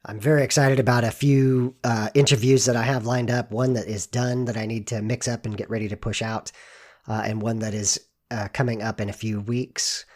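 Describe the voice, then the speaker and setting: A man hosting a podcast, talking in an earnest, measured way with frequent filler words. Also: medium pitch, flat delivery, a little mellow. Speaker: podcast host. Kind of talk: podcast introduction and interview.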